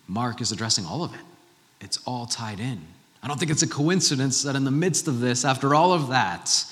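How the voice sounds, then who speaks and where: A man in his thirties delivering a church sermon in a bright, forceful voice. He talks in a loose, conversational way and throws rhetorical questions at the congregation. The sound carries a long reverb from the church hall. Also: lowish voice. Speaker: pastor.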